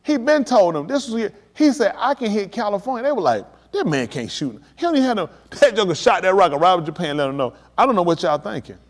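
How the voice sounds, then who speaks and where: A man preaching on a livestream, emphatic and addressing his listeners directly, building to excited peaks. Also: high-pitched, fast talker, hardly any pauses. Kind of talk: livestream preaching on world events.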